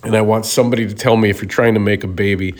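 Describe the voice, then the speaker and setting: A man's voice: fairly low pitch, fairly even intonation, very fast. A man from Minnesota hosting a show, telling funny stories in a casual, rambling way with hesitant restarts. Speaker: podcast host. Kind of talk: casual monologue.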